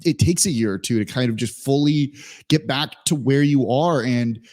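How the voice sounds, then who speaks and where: A man co-hosting a casual sports podcast, thinking aloud in a lively way. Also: medium pitch, moderate pace. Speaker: podcast host.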